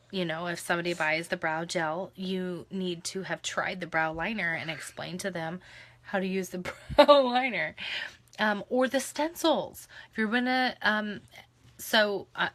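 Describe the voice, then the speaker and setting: Bright-voiced woman coaching her sales team. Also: on the low side. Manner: casual, instructive, full of ums; hushed soothing of a child. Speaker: direct-sales team leader. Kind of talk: live video training. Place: home.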